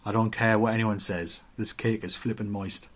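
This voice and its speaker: A man's voice: on the low side, fairly even intonation, moderate pace, fairly bright tone. A man, co-hosting a casual podcast chat, joking and reading out viewer comments. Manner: chatty, joking, reads out comments. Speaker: podcast co-host.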